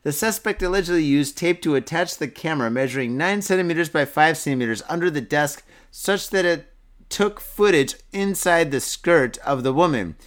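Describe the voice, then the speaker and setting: A man's voice: a little high, animated, normal speed. A man hosting a podcast, drunk and swearing a lot, rambling about news stories and laughing at his own jokes. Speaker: podcast host. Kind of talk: casual podcast chat reading news stories.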